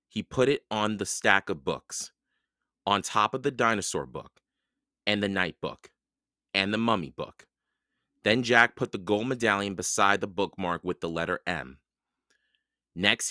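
A man hosting a podcast and reading a children's book aloud with slow, expressive storytelling. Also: on the low side, no echo, studio quality. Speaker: podcast host and reader.

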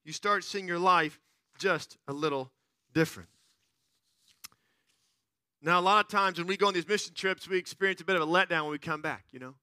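A man preaching a sermon in an animated way, swinging from loud excited bursts to quiet earnest stretches and playfully acting out the people he quotes. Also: high-pitched, brisk, long pauses, clean tone, no room sound, studio quality. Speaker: pastor.

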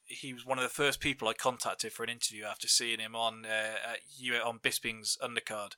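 Bright-voiced man hosting a podcast. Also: mid-range voice, a little fast, no room sound. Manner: lively storyteller, laughs often. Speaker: podcast host. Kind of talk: casual podcast chat.

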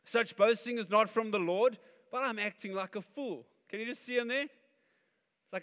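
A man preaching a sermon as pastor, animated and acting out the voices he quotes. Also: sits high, moderate pace. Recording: long hall reverb.

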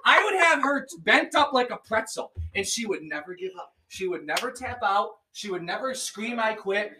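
Boisterous high-voiced young man, a bit off-mic. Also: expressive, moderate pace, distant mic, noisy background. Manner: boisterous, profane, acts out shouts while telling stories. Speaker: podcast host. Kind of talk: casual chat.

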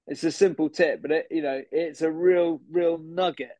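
A man doing a smug young bro, pompous and self-assured, rambling on about himself in a fairly high voice. The sound is close and dry, with no room around it. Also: fairly even intonation, normal speed, dark tone, no echo, lightly acted, low-quality recording. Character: smug posh young City bro, boastful gym fanatic. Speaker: podcast guest. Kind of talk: improvised character comedy.

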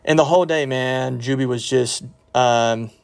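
A middle-aged pastor delivers a podcast sermon in an earnest, storytelling way. His voice has a gravelly edge and sits at an ordinary male pitch. He talks with fillers and small restarts as he goes. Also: a little slow.

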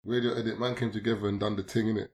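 A London-accented man in his thirties guests on a podcast, trading slang-heavy banter that gets loud and animated when he tells stories. His voice is lowish and racing.

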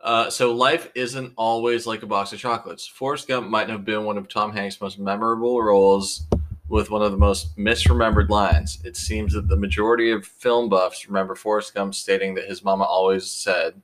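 A man's voice: fairly low pitch, flat delivery, normal speed, a bit bright, slight background noise. A tipsy man co-hosting a podcast, swearing constantly and arguing bluntly in casual chat. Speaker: podcast co-host.

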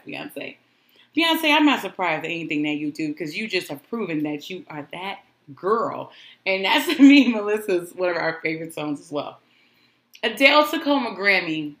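A woman's voice: lowish voice, fairly bright tone, reverberant. A woman hosting a solo podcast, chatting in a gushing, rambling way. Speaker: podcast host.

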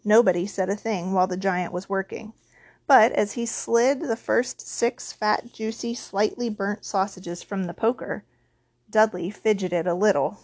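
A woman reading a children's fantasy novel aloud in a steady, expressive storybook narration. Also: medium pitch, unhurried, no echo. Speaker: audiobook reader.

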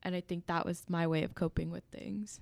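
A young woman, a college student, speaking reflectively and a little haltingly about personal experiences. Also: on the low side, fairly even intonation, gravelly, no echo. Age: young adult. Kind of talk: candid personal conversation.

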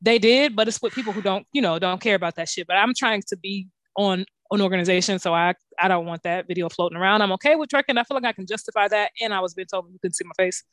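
A young woman co-hosting a casual chat, telling stories with lots of swearing and big swings in pitch. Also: quick pace, few pauses, no echo, clean studio sound. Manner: profane, animated storytelling with big pitch swings. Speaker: podcast co-host.

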